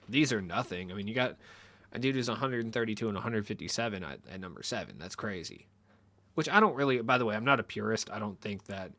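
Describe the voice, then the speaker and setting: Low-voiced casual gaming streamer, profane. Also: male voice, a bit bright, dry recording. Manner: loose, profane, rambling with lots of fillers. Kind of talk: casual chat with stream viewers.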